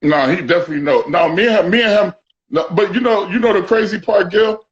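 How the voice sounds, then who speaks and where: A man's voice: high-pitched, fast talker, highs cut off. A man hosting a casual talk, telling a story with lots of profanity and quoted dialogue. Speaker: podcast host.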